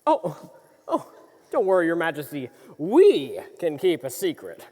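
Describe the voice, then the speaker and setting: A woman's voice: on the low side, measured pace, exaggerated voice. A woman playing a playful court jester in a live stage musical, guessing aloud with many fillers. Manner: animated guessing, lots of oh's and ums. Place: theater stage. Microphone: far camera. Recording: reverberant theater.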